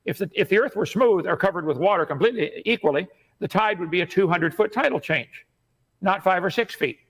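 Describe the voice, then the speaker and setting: High-voiced lecturing man. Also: a little fast, fairly bright tone, slightly rough. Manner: lecturing, assertive. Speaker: debate guest. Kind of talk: debate argument.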